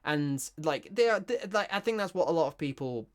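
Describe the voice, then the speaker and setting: Excitable British voice actor. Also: medium pitch, a little fast. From Britain. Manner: excitable, gushing, stumbling restarts. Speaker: voice actor reacting to clips. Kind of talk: casual reaction commentary.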